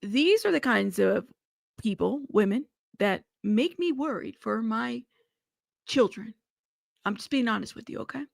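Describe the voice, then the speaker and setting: A woman's voice: a little high, animated, measured pace, gravelly, pauses often, dry recording, clean studio sound. A woman hosting a true crime news livestream, outspoken and indignant, speaking straight to her viewers and cursing freely. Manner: outspoken and indignant, cusses, talks to her chat directly. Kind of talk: livestream commentary on a news case.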